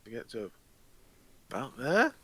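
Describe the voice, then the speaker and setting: A man chatting casually while he plays a game, joking and rambling as he goes. His voice is bright and forceful, at an ordinary pitch for a man. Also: wildly swooping pitch, unhurried, breathy edge. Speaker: gaming channel host. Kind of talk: casual chat while playing.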